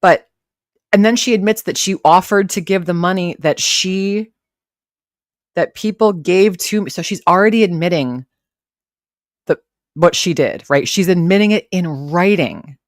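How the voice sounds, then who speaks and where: A woman with a low voice chats casually on her live stream, rambling between posts and greeting viewers by name. Her voice is recorded close and dry, with no room sound around it. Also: unhurried, long pauses, no room sound. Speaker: livestream host reacting to commentary.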